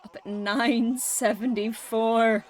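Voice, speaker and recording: A woman with a voice on the high side hosts a livestream, chatting casually with her viewers and drawing out her words. She laughs often and swears freely in animated reactions.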